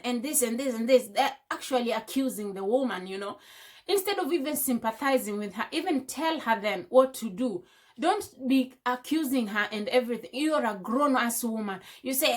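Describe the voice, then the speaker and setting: A woman's voice: a little high, animated, normal speed. A young woman, a beauty vlogger, chatting with feeling and firing off rhetorical questions while she does her makeup at home. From Africa. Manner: impassioned, full of rhetorical questions. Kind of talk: casual chat while doing makeup. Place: indoors at home.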